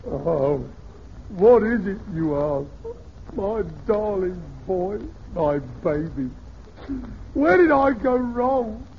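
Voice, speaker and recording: A man's voice: sits high, takes it slowly, slight background noise. An actor playing a blustering, scheming older father in a radio sitcom, pompous and hammy in his delivery. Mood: melodramatic. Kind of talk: vintage radio sitcom acting. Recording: dull lo-fi vintage radio recording.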